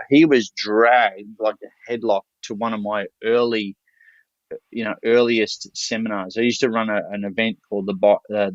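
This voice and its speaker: An Australian podcast guest tells a story casually, in a blunt, salty and loose way. His voice is fairly low, and the recording is dull, lo-fi and dry.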